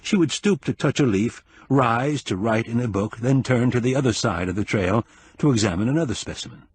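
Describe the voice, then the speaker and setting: A man with a mid-range voice narrates an audiobook, telling the story in a measured, expressive way, with slight background noise.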